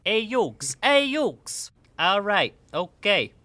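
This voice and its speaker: A man's voice: high-pitched, very animated, takes it slowly, bright, forceful tone, dry recording, pitched above the performer's own voice, heavily acted. A man voicing a tough male gangster with a put-on Boston accent and old-school mobster bluster. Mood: menacing. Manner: threatening in a jokey tough-guy way.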